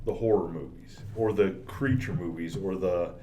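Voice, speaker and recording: A man in a casual podcast chat, animated and swinging between loud and soft as he tells anecdotes. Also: deep voice, moderate pace, a little hiss or hum.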